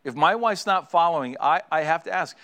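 A man's voice: a little high, expressive, a little fast, sharp tone. A middle-aged man preaching a sermon as a pastor, earnest and exhorting, driving points home with repeated phrases.

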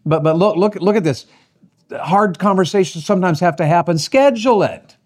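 A man's voice: sits high, normal speed, darkish tone. A middle-aged man preaching a sermon on marriage, folksy and often asking his audience questions. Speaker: pastor.

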